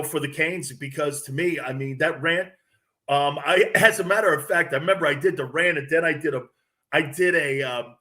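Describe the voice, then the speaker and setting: Excitable, blunt middle-aged man. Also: a little high. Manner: blunt, excitable, many restarts. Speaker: sports radio guest. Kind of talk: animated storytelling on a sports show.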